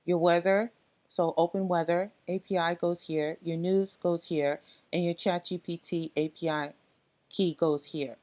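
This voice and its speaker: A tech tutorial presenter, a woman with a somewhat low voice, walks through software setup in a casual screen recording. Her explanation is relaxed and halting, packed with fillers, and the audio sounds dull and lo-fi.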